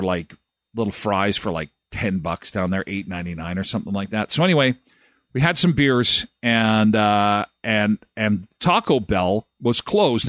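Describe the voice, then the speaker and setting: A man's voice: fairly low pitch, a bit bright, no echo, studio quality. A middle-aged man hosting a live daily show, telling a funny story casually. His voice jumps up when he retells the moments that annoyed him.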